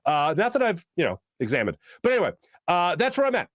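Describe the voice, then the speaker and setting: A man's voice: high voice, huge pitch swings, fast, a bit bright, no echo. A man hosting a sports talk show, giving casual, sarcastic, opinionated commentary and laughing at his own jokes.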